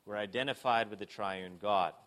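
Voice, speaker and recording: A man preaching a sermon, asking rhetorical questions and moving between emphatic and hushed delivery. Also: on the low side, moderate pace. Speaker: pastor.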